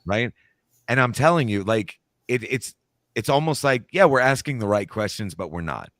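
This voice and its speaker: A man with a deep radio voice, a paranormal author and audiobook narrator, chatting laid-back as a podcast guest. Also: expressive, moderate pace, fairly bright tone, no echo, clean studio sound. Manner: laid-back, talks with lots of fillers. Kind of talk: casual conversation.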